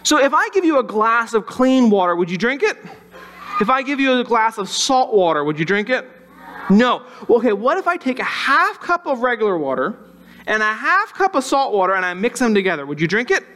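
A pastor with a notably high voice gives a children's sermon. He talks in a conversational way and keeps turning to the kids with questions. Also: sing-song, a little fast, pushed and bright.

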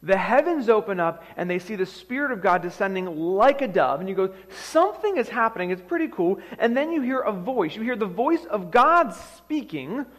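A man preaching a sermon as pastor, telling the story dramatically with shifting loudness, in a church sanctuary. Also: high-pitched, big pitch swings, normal speed, few pauses. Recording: long reverb of a large hall.

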